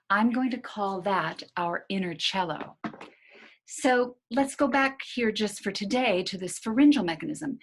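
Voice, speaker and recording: A woman leads a voice lesson with a soft, slightly breathy tone. She talks listeners through slow breaths and vowel shapes in a calm coaching manner. Her pitch sits in an ordinary middle range. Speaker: singing teacher. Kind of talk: guided voice lesson.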